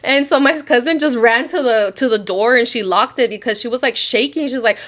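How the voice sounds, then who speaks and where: A woman's voice: on the high side, fast talker, hardly any pauses, fairly bright tone. A woman co-hosting a podcast, telling a story in casual chat, switching between English and Spanish and swearing casually. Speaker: podcast co-host.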